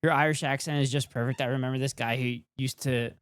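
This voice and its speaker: A man's voice: medium pitch, steady tone, fast, fairly bright tone, clear, resonant tone. A man with a Latin American accent giving casual, blunt reaction commentary as a streamer, swearing and chatting to viewers.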